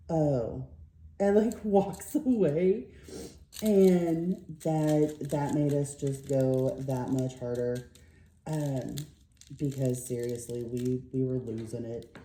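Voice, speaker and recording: A woman's voice: low voice, mellow, roomy sound. A middle-aged woman vlogger telling a rambling story while crafting, tired and yawning, with lots of fillers. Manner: rambling, chatty, with many fillers.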